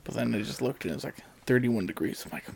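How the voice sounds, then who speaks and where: A man's voice: mid-range voice, expressive, fast talker, vocal fry, a little mellow. A man co-hosting a podcast in casual chat, easygoing and rambling with many fillers. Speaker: podcast co-host.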